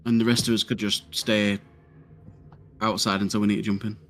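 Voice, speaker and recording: Flat-voiced easygoing man at a game table. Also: lowish voice, fairly quick. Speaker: player. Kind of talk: casual chat in a tabletop game.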